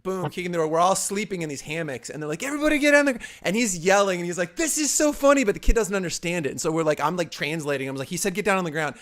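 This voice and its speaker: A man co-hosts a casual talk show, talking quickly in a slightly high voice. He rambles through his stories with lots of fillers and false starts. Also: a bit bright. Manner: rapid and rambling, with many fillers and restarts. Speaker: co-host. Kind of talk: casual storytelling chat.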